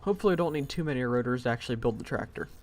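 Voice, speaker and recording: Through a headset mic at home, a man live-streams his gameplay, musing aloud in a rambling, self-mocking way. His medium-pitched voice comes rapid-fire with lively intonation.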